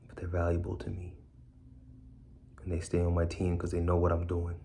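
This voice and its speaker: A man's voice: low-pitched, monotone, normal speed, gravelly, warm tone, a little hiss or hum. A man speaking bluntly and candidly in a streetwise way, repeating key phrases. He is indoors in a room of a borrowed house. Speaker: speaker sharing his story. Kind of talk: candid personal talk.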